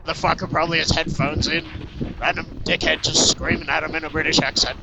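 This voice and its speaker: A man riding a motorcycle in the freezing cold, talking to his helmet camera with loud, goofy, profane commentary and yelling at passersby. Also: a little high, level tone, brisk, gravelly. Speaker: motorcycle vlogger. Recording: loud wind noise on helmet cam.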